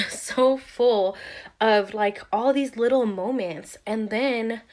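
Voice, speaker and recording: A woman's voice: fairly high pitch, slow. A young woman vlogger casually recounting a tense morning, rambling with lots of fillers and restarts. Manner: rambling, filler-heavy retelling with many "like"s. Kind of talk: casual storytelling.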